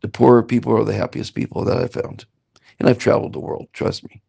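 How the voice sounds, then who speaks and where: A man's voice: fairly low pitch, steady tone, quick pace, vocal fry, dark tone, husky. An older man from Southern California telling his life story in a meandering, self-promoting monologue with wry asides. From Southern California, United States. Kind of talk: rambling personal monologue. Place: currently in Antigua.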